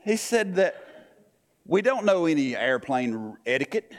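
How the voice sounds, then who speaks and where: A man's voice: fairly high pitch, sing-song, unhurried. Folksy man telling a story. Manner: folksy, repeats "he said" and "I went". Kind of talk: storytelling sermon illustration.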